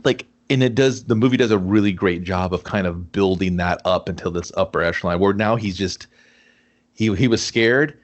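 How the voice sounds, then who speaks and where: A man's voice: low voice, moderate pace, highs cut off. A man co-hosting a casual movie review podcast, swearing and animatedly retelling scenes. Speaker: podcast co-host.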